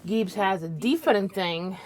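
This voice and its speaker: A woman's voice: mid-range voice, animated, a little slow. Matter-of-fact woman recapping a plot. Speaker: podcast co-host. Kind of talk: casual chat.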